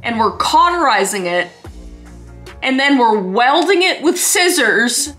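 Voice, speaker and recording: A woman's voice: high voice, very animated, a little slow, a bit bright, soft background music. A young woman hosting a comedy video, mocking what she watches with exasperated, swearing reaction commentary.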